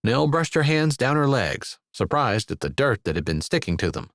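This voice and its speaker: Male audiobook narrator, animated pitch, dead-dry studio sound. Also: normal speed, few pauses, dry recording. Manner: expressive, lively reading. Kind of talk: scripted narration.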